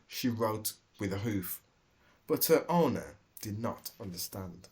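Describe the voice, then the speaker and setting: Dad narrator reading a rhyming kids' book: slow, sing-song, expressive. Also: male voice, on the low side. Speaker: storybook reader. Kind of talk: rhyming storybook read-aloud.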